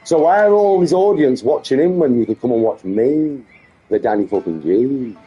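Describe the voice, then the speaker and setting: A man's voice: medium pitch, animated, normal speed, dark tone, breathy edge. Brash, swearing Birmingham man, muffled clip. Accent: English, Birmingham. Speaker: vlogger. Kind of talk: boastful ranting vlog.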